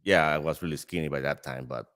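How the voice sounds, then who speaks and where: With a rumbling low voice and fast delivery, a Dominican cigar-trade man speaks in his native Spanish with a Dominican accent. Relaxing in a cigar lounge, he tells a lively anecdote, breaking into laughter often and beginning sentences again.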